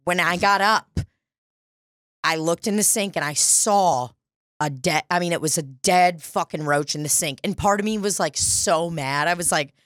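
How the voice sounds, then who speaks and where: A woman with a lowish voice tells stories in loose, animated chat, swearing freely and slipping into quoted voices. She sounds close and dry on the mic, with no room around her. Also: moderate pace, no echo. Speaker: podcast co-host. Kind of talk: casual chat.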